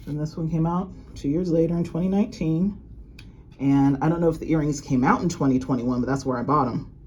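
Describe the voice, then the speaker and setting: Low, lively woman. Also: slight background noise. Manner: chatty, rambling, often laughs. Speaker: luxury unboxing vlogger. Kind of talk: casual show-and-tell chat.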